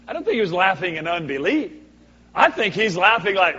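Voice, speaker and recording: A man preaching a sermon as a guest speaker, swinging from booming to hushed for dramatic effect. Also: animated, a little fast, slightly rough. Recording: echoey hall, dull lo-fi sound.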